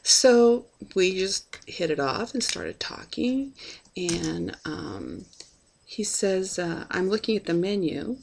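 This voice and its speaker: A woman's voice: on the low side, very animated, takes it slowly, gravelly, noisy background. A woman casually telling a personal travel story, chatty and full of fillers as she acts out bits of dialogue.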